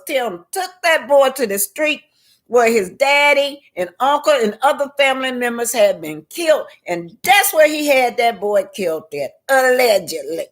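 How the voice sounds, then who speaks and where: A woman giving casual vlog commentary on show clips. She talks emphatically, speaks straight to her viewers and repeats her points. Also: high-pitched.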